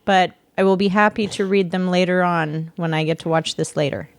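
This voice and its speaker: A woman co-hosting a comedy podcast, laughing often and chiming in with quick reactions. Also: on the low side, steady tone, no echo. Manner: laughs a lot, short supportive interjections. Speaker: podcast co-host. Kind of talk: casual comedic chat.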